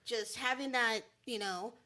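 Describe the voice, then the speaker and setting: A woman's voice: a little high, measured pace, a loud crowd. A woman on a casual live podcast, speaking earnestly and searching for the right words.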